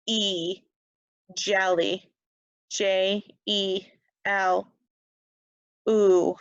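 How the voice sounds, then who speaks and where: A woman with a slight Upper Midwest American accent teaches children phonics at an unhurried, careful pace, pausing often for answers. Her voice sits at an ordinary middle pitch. The sound is dry and close, with the muffled, lo-fi quality of a webcam mic. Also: fairly bright tone, no room sound. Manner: slow, patient, encouraging, leaves pauses for answers. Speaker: second grade teacher. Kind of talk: remote phonics lesson.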